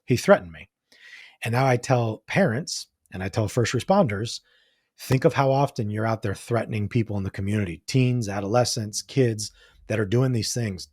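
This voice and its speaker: A man's voice: on the low side, slightly rough, no echo, clean studio sound. A man in his forties, a podcast guest telling a personal story in an earnest, frank way with lots of "like" fillers. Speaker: podcast guest, de-escalation trainer. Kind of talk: candid storytelling in conversation.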